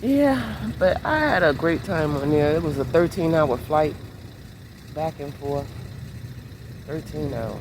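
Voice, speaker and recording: A woman's voice: deep voice, takes it slowly, long pauses, background noise. A woman vlogger telling a casual storytime in a chatty way, sitting in a minivan by the beach. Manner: animated, chatty storytelling with exclamations.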